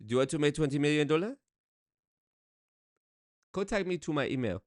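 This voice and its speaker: A man voicing a boastful male scam prince in a put-on Nigerian accent, with a hammy sales-pitch delivery. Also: expressive, a little fast, dry recording, studio quality, close to an everyday voice. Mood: smug. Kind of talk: comedic impression.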